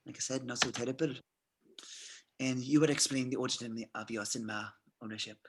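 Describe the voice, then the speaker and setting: A man's voice: mid-range voice, fairly even intonation, a little fast, fairly bright tone, a little hiss or hum, lightly acted. A man reading a suave, menacing SS colonel. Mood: probing. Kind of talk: amateur script reading.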